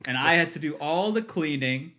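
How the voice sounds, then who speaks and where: With a fairly high-pitched voice and moderate pace, a man in his thirties tells stories as a guest on a podcast. He's a music producer and a lively, casual storyteller in the interview, often laughing and performing the lines he quotes.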